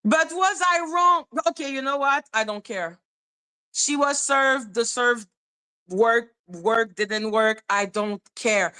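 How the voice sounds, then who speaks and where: A woman's voice: a little high, slow, sharp tone, clear, resonant tone. A woman hosting a casual live-stream commentary, blunt and irritated, sounding condescending, swearing and repeating herself.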